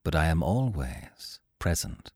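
A man voicing a gloomy male spirit who urges suicide, speaking low, hushed and sulky. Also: very animated, husky, no echo, clean studio sound, full character voice. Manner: sulky, sinister, drawn-out.

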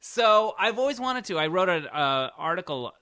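A man's voice: high voice, big pitch swings, normal speed, pushed and bright. A man co-hosting a podcast, chatting casually and telling funny stories about his week. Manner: chatty storyteller, laughs easily. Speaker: podcast co-host. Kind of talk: casual chat.

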